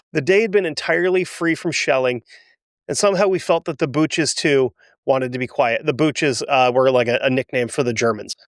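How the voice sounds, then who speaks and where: A man with a mid-range voice speaks at a moderate pace in a dry, studio-quality recording. He hosts a history podcast, reading a first-hand wartime account aloud and stopping now and then for emotional, self-deprecating asides.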